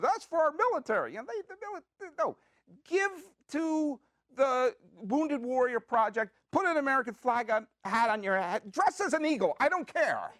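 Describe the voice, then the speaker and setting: Speaking in a very high voice, this man hosts a podcast and delivers a comic monologue that's animated and jokey, packed with playful rants and self-posed questions. The studio sound is clean, with no room sound at all.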